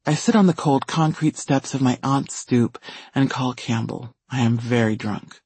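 A man reading a first-person story aloud in a steady audiobook narration. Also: mid-range voice, normal speed, breathy edge, no room sound.

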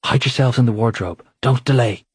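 A man's voice: mid-range voice, brisk, slightly rough, dry recording, studio quality, voice pushed up. A man voicing a small, frightened black rabbit who speaks in a trembling, urgent voice in an audiobook. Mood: panicked.

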